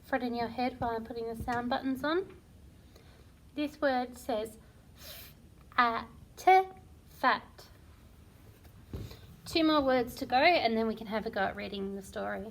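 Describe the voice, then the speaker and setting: A woman teaching a phonics lesson to young children, sounding out words slowly and praising often. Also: on the high side, creaky, a little hiss or hum. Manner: slow, sounding out words syllable by syllable; encouraging and praising. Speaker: primary school teacher.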